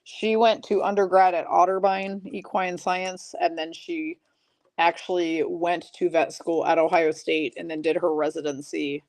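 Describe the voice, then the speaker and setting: A woman's voice: on the low side, little pitch movement, darkish tone. A woman hosting a live card break stream, chatty and self-mocking. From Michigan. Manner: chatty, self-mocking, rattling off names quickly.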